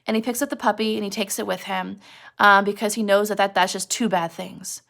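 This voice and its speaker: A woman's voice: medium pitch, little pitch movement, a little fast, vocal fry, fairly bright tone. A woman teacher retelling a novel chapter to her students in a casual, chatty way, acting out bits of dialogue.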